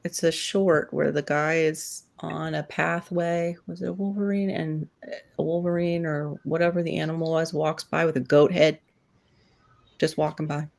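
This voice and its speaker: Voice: medium pitch, flat delivery, normal speed, creaky. A speaker chatting casually, recounting things seen on shows and trailing off. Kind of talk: casual chat.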